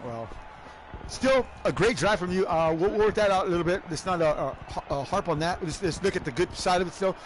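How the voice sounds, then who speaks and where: Whooping high-pitched race commentator. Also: male voice, fairly quick, slight background noise. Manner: excitable, whooping, repeats "man" and "baby". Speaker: race commentator and league host. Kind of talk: live sim-racing commentary and post-race interviews.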